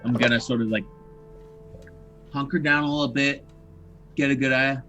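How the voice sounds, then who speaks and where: A man calmly describing his moves as a player in a tabletop game. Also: medium pitch, moderate pace, highs cut off, soft background music. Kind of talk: casual tabletop game chat.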